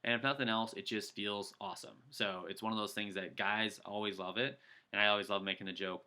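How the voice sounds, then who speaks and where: A man giving an energetic sales training talk, coaching his listeners and acting out customer pitches. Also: a little fast. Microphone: video call.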